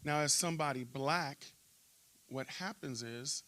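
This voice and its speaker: A middle-aged man, a pastor, telling a story in a church interview and acting out shouting crowds. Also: fairly high pitch, measured pace. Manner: animated storyteller, acts out crowd chants.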